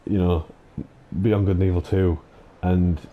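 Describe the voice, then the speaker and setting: A man's voice: low-pitched, level tone, measured pace, narrow, tinny audio. A man hosting a gaming channel, ranting in an exasperated, sweary way, full of fillers and restarts. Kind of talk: ranting commentary over gameplay.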